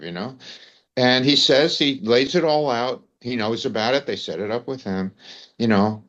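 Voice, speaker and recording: An older American man with a New York accent rambles through anecdotes as an interview guest, sprinkling in "you know" and "man." His mid-range voice moves at a moderate pace with a fairly bright tone, though the audio sounds dull.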